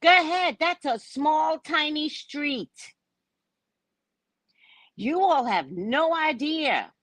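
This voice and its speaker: A sarcastic woman from New York gives a tarot reading on a live stream. She talks slowly, and her pitch swings widely as she lingers on each point. Her voice is close and dry, with no room sound around it. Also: animated, fairly bright tone, dry recording. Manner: sarcastic, laughs at her own jokes. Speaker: psychic tarot reader.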